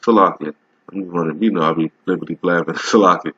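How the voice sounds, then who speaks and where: Emphatic low-voiced man preaching casually. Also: fairly even intonation, fast, muffled recording, heavy background noise. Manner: emphatic, keeps asking "all right?" and "man"; rambling with many restarts while browsing. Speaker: religious video commentator. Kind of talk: casual preaching commentary over a video.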